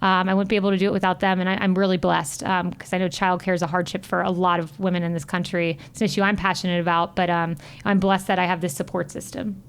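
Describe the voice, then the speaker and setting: A woman's voice: on the low side, fast talker, few pauses, clean tone. A woman in her thirties, a guest in an interview, telling personal stories in an earnest, heartfelt way. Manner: earnest, heartfelt, animated retelling.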